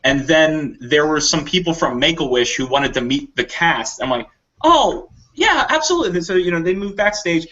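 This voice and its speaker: A man's voice: normal speed, hardly any pauses. A man casually telling a long funny anecdote on a podcast, acting out what people said. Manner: animated storyteller acting out quotes in higher voices. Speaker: volunteer convention staff telling a story. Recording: dull lo-fi audio.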